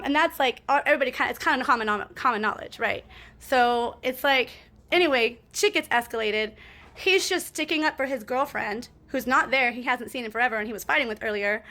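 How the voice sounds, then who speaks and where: A woman's voice: fairly high pitch, pushed and bright. A woman in a casual storytime monologue, rambling and cussing as she talks to her viewers and keeps asking "right?".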